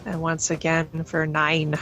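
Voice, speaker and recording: A woman playing a tabletop game over a video call, reporting her rolls in a measured way. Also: low voice, completely flat delivery, a bit bright, soft background music, rough recording. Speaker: player.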